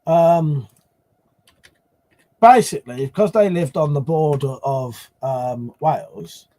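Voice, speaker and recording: A man's voice: fairly high pitch, slow pace, dark tone. A man hosting a casual live stream, rambling and swearing as he answers chat.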